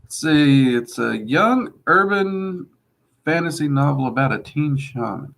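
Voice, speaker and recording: A man's voice: on the high side, expressive, measured pace, creaky, a bit bright. A man with a mixed Kentucky and Louisiana Southern accent, hosting a casual livestream and answering chat in a rambling, hesitant way. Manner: rambling, hesitant with many ums, friendly asides. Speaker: host answering live chat.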